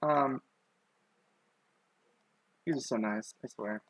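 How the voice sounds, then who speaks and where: A man's voice: mid-range voice, slow pace, a bit bright, no echo, poor audio. Young man, slithery lisp on his S's, rambling live-stream chat, dry close sound. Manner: rambling, many ums and likes, self-conscious.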